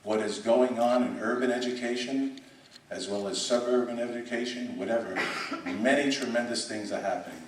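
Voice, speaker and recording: A man's voice: mid-range voice, normal speed, a little hiss or hum. A middle-aged man from the United States, a school superintendent giving an emphatic conference speech with repeats and restarts, in a conference room. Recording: echoey hall, speaker far from mic.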